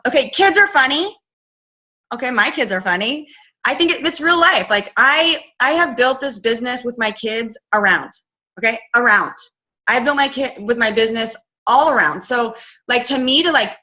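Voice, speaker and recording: A woman's voice: on the high side, pushed and bright, low-quality recording. A woman coach in her thirties giving a casual talk on a video call, chatty and full of fillers. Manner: chatty, filler-heavy, quoting herself. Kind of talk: casual live training talk.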